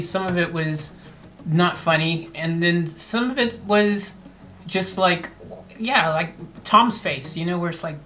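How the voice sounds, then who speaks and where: A woman from America hosting a reaction video, chatting casually and excitably to viewers with lots of slang. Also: on the low side, slow, long pauses, slight background noise. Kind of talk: casual commentary.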